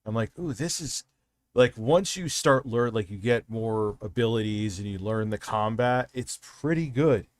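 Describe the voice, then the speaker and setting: A man's voice: lowish voice, moderate pace, few pauses, no room sound. A man hosting a livestream, chatting casually with lots of swearing, rambling and restarting his sentences. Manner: restarts and trails off. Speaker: livestream host.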